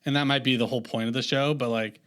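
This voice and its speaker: A man's voice: medium pitch, fairly even intonation, fast, fairly bright tone. A man co-hosting a casual podcast, talking in a laid-back, rambling way. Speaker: podcast co-host. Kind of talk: casual chat.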